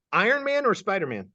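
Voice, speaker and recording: A man from Kansas City hosting an interview, firing off quick either-or questions, upbeat and laughing often, sometimes stammering over his words. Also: high-pitched, bright, forceful tone, no room sound. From Kansas City, United States. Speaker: host and geometry teacher. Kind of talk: lightning-round interview questions. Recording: dull, slightly muffled sound.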